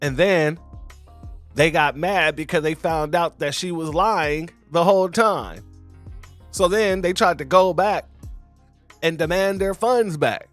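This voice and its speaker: A man hosting video commentary, speaking in a measured, sarcastic way and calling his audience family. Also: on the high side, a bit bright, faint music behind. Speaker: host of a commentary channel.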